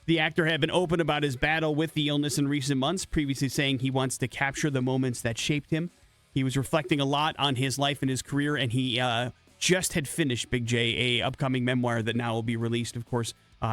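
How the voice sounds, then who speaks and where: A man's voice: medium pitch, fairly bright tone, no echo. Rambling male radio host, dry studio. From American Midwest. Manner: rambling, many fillers and restarts. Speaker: radio morning show host. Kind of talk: casual radio chat. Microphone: studio microphone.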